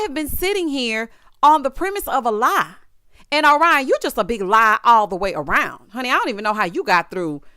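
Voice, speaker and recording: A sassy woman gives a casual reality show recap, calling people out directly. Her voice is smooth and clear, a little high, and it swings up and down a lot. It is recorded close and dry, with no room sound. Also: expressive, fairly quick, sharp tone, no room sound. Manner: sassy, direct, talks straight to the people on screen.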